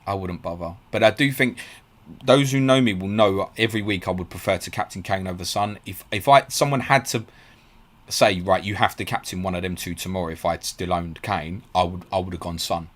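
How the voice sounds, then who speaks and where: Fast-talking man, blunt and matey. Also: low-pitched, a bit bright. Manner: fast, blunt and matey, calls viewers mate. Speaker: podcast host. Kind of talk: live stream answering viewer questions.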